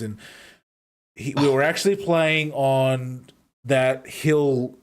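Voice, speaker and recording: A man's voice: medium pitch, a little slow. A man hosting a stream and telling rambling, swear-filled gaming stories in casual chat. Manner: rambling storyteller, heavy swearing. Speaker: streamer host.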